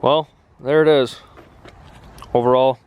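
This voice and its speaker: Male vlog host, relaxed casual talk, outdoors, noticeable background noise. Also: medium pitch, slow, narrow, tinny audio. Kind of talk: casual chat and vlog sign-off. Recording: noisy outdoor audio.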